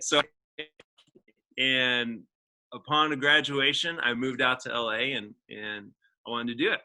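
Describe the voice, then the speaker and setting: A man in his forties, a guest actor, telling his life story in a casual interview, earnest and animated with frequent laughs and restarts. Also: medium pitch, a little slow, pauses often, rough recording. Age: 40s.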